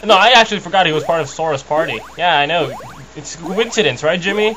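A man's voice: animated, fast, crowd noise, poor audio. A young man casually commentating a video game, rambling and joking as he mocks the characters. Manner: rambling, jokey, mocks characters in squeaky put-on voices. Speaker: let's play commentator. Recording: game music underneath.

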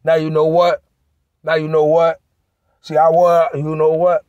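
A man's voice: fairly high pitch, monotone, measured pace, a little mellow, no room sound, dull audio. A man vlogging in a heated, profane rant aimed straight at his viewers. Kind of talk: ranting monologue to camera.

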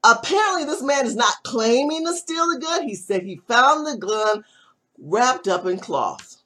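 A woman from California giving a fiery live online rant to her viewers, breaking into loud outbursts and quick asides. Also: high voice, big pitch swings, slight background noise. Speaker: political vlogger.

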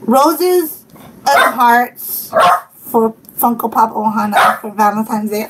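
She's a channel host streaming casually from home, giggling often while talking to viewers and to her dog. Her high, fairly bright voice is animated, and she speaks slowly with frequent pauses, recorded from a bit off the mic with faint room noise.

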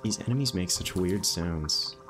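A young man with a notably low voice streams a game and chats to his viewers. He rambles easily, dropping plenty of fillers between thoughts. Game music plays clearly behind him. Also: expressive, moderate pace, a bit bright. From Northeastern United States. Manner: rambling, easygoing, many "um"s and "like"s. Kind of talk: casual live-stream commentary while gaming.

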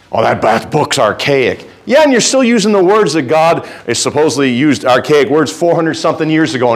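A male pastor preaching a sermon in a fervent, folksy way, swinging between quiet asides and loud exhortation. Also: mid-range voice.

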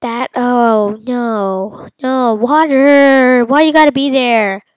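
A woman giving silly, playful commentary while playing a game, with sudden loud outbursts. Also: a little high, fairly even intonation, takes it slowly, no echo, low-quality recording. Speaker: gamer. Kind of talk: casual let's-play commentary.

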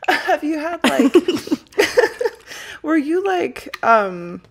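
A woman's voice: high-pitched, big pitch swings, extremely slow, gravelly. A young adult woman hosting a casual podcast chat, laughing often and joking playfully.

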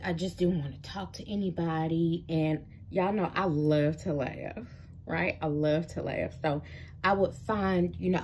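A woman's voice: fairly low pitch, warm tone, a little hiss or hum. A woman in her thirties, talking casually and directly to her viewers as she shares a personal faith story. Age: 30s. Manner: casual and chatty, talks straight to viewers as "y'all". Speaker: vlogger. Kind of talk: personal testimony vlog. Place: Memphis.

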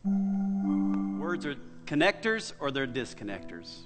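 A man preaching a sermon, telling a story with big swings between loud and hushed delivery. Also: on the high side, sing-song, takes it slowly, big-room sound, loud music behind the voice. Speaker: pastor. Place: church sanctuary.

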